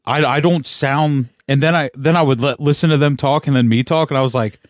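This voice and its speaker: A man's voice: medium pitch, quick pace, dry recording, studio quality. A man co-hosting a casual beer-tasting chat, joking, swearing and laughing often. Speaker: podcast co-host.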